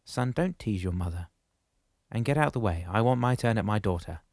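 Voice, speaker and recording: A hearty, playful older father, voiced by a male audiobook narrator. He keeps a low, plain register. The sound is close and dry. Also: expressive, moderate pace, a little mellow, no room sound. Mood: scolding.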